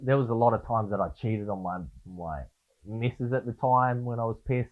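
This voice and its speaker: Aussie bloke guest, lots of swearing, laid back yarns, tinny phone-ish sound. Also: male voice, mid-range voice, normal speed. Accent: Australian. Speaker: interview guest, DJ. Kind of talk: casual interview chat. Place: studio.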